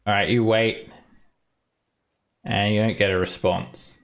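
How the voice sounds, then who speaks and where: A man narrating as game master, halting and searching for words. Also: lowish voice, fairly even intonation, gravelly, a bit bright.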